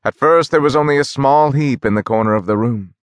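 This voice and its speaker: A man narrating a novel in a measured, even storytelling manner on a close studio mic. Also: medium pitch, dry recording. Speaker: audiobook narrator.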